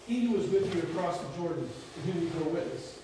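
A man in a study group reading a scripture passage aloud at a quick, even pace. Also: a little high. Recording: quiet and distant in the room.

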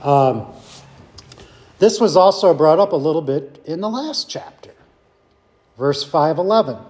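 Slow, halting man leading Bible study. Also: fairly high pitch, animated, darkish tone, big-room sound. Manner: slow, halting, with many fillers and restarts.

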